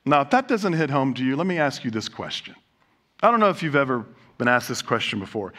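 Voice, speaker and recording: A man's voice: medium pitch, big pitch swings, fairly quick, pushed and bright. A man preaching a sermon, telling humorous stories and asking rhetorical questions of his congregation. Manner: storytelling with jokes and rhetorical questions. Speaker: pastor. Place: church sanctuary.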